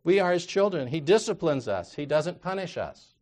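A man preaching a sermon in a conversational way, reading scripture aloud and moving from quiet asides to loud, emphatic exhortation. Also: a little high, very animated, moderate pace. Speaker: counselor.

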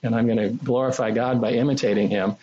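A male preacher with a husky, slightly breathy voice at a middle pitch delivers a sermon in a chatty, animated way. The recording sounds dull and lo-fi, with the top end rolled off. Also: fast. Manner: conversational, animated, acts out quoted speech.

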